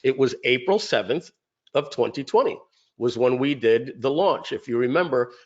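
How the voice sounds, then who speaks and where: A man's voice: medium pitch, animated, normal speed, a little mellow. Man, company founder, casual webinar talk, rambling with restarts, muffled lo-fi audio. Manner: rambling, many fillers and restarts. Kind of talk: casual business presentation. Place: home.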